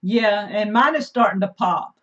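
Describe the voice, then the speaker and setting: A woman's voice: mid-range voice, normal speed, a bit bright. A middle-aged woman, co-hosting a casual homestead live stream, chatty and reading out viewer comments. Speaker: homesteading channel co-host. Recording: dull lo-fi stream audio.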